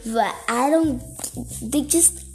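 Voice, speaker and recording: A woman's voice: high voice, takes it slowly, darkish tone. Woman vlogger, casual exasperated rant with lots of "like" and "okay", faint music under the voice.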